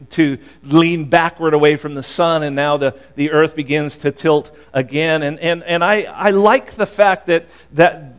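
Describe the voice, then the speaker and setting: A man in his sixties from Boston, preaching a conversational sermon and telling a personal story with many halting restarts. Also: a little high. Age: 60s. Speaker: pastor.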